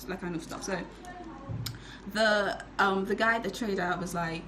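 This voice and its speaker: A young woman telling a story to her viewers in a casual vlog, giggling and animated as she talks. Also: medium pitch, measured pace, noisy background. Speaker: vlogger.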